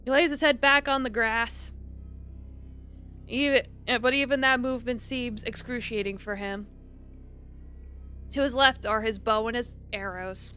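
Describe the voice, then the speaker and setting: A woman's voice: a little high, steady tone, measured pace, long pauses, sharp tone, soft background music. A woman streamer reading a game aloud, dramatic, jumping from narration to shrieks and mock sobs.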